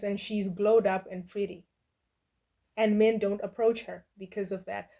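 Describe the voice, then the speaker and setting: A middle-aged woman hosting a reaction video, talking in a sassy, blunt and mocking way, with quick dismissive asides. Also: mid-range voice, level tone, vocal fry, mellow. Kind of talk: casual reaction commentary.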